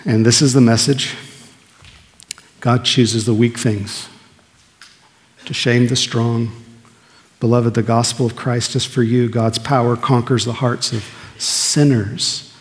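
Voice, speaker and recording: A pastor preaching an earnest sermon, asking the congregation questions and answering them himself. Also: male voice, mid-range voice, fairly even intonation, takes it slowly, long pauses. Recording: long reverb of a large hall.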